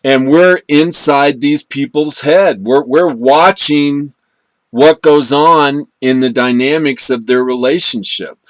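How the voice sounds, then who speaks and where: A man hosting a casual political talk show, enthusiastic and prone to stammering restarts. His voice sits at a middling pitch, recorded close and dry. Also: slow pace, dry recording. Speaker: show host.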